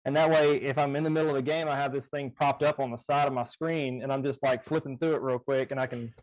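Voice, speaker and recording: A man in casual chat about running tabletop games, talking in an animated, rambling way with plenty of swearing, on a video call. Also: mid-range voice, fast talker, poor audio. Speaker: game master. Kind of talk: casual chat between game masters.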